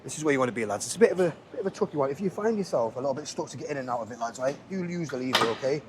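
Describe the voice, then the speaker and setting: In an indoor gym, a male fitness instructor coaches a workout in a casual, chatty way, often checking in with the viewer with "okay, lads?" His medium-pitched voice is animated and very fast, with background noise.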